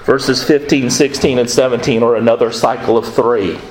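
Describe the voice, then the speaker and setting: A male pastor delivers a sermon in a relaxed, conversational way, tossing in playful asides as he works through a passage. His voice sits at an ordinary middle pitch and carries a clear roomy echo, with a faint hum of ambience underneath. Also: moderate pace. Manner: conversational, quoting scripture with acted asides.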